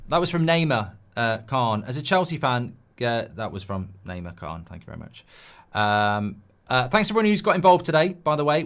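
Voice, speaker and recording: A man's voice: on the low side, a bit bright. A man hosting a live football watchalong, chatting in a rambling way and reading out viewer comments. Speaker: host.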